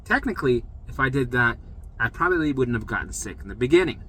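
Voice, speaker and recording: A man recounting his own ordeal in a casual, animated monologue, his voice bright and forceful. He acts out the voices of the people around him and keeps pulling the listener in with "right?". A faint wash of background noise sits under the recording. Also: medium pitch, quick pace, rough recording. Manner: animated, acts out quoted voices, swears freely; frequent "right?" check-ins to listener. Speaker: vlogger sharing recovery story.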